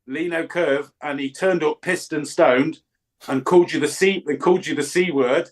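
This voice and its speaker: A man with an English Midlands accent, slightly higher in pitch than most men. He talks bluntly in a casual live debate, swears freely and laughs often. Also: moderate pace. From England. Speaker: debate guest.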